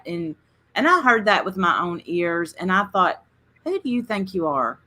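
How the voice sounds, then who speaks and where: A woman's voice: fairly low pitch, lively intonation, measured pace, sharp tone. A woman hosting a casual livestream chat, rambling through stories and speaking straight to her viewers. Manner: chatty, rambling storyteller. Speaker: livestream host.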